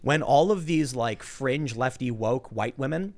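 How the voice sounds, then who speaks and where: A man's voice: mid-range voice, lively intonation, a little slow, darkish tone. A man hosting a podcast, chatting casually and animatedly about politics, often repeating words as he builds a point. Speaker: podcast host.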